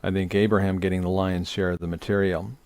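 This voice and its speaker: A man's voice: low voice, level tone, fast, a little mellow, dry recording. A middle-aged man, a rabbi, teaching an online Torah study, speaking off the cuff with many fillers and restarts.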